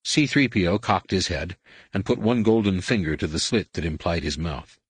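A male audiobook narrator with a low, husky voice, recorded close and dry. He tells the story steadily and evenly, in a measured way. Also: animated, no echo. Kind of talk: scripted narration.

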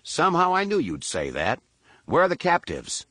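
A man's voice: fairly high pitch, wildly swooping pitch, moderate pace, bright, forceful tone, no echo, pitched above the performer's own voice, full character voice. Han Solo, a man doing a wry raised-voice starship captain. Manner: dry, sardonic.

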